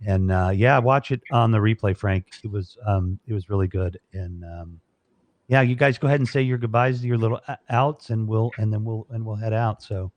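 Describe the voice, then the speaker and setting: A man's voice: fairly low pitch, a little fast, a little mellow, no echo. A man hosting a live online talk show, signing off with rambling, grateful, joking chat into a studio microphone. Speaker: show host. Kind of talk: casual live-stream sign-off chat.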